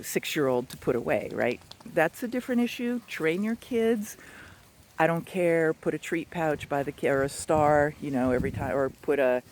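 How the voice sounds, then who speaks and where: A man working as a dog trainer, giving an instructional talk in a chatty, animated way with playful asides. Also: on the high side, a little hiss or hum.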